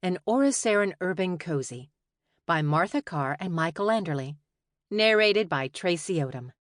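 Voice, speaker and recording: Woman audiobook narrator, low voice, dry close sound, measured reading. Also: expressive, no echo. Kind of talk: scripted narration.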